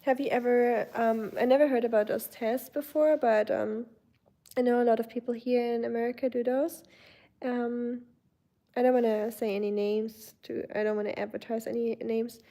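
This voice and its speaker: A young woman from Baden-Württemberg, Germany, with a German accent hosts a livestream from home, chatting casually and answering viewer comments. She greets viewers warmly and uses many fillers, speaking at a moderate pace in a slightly high, flat voice.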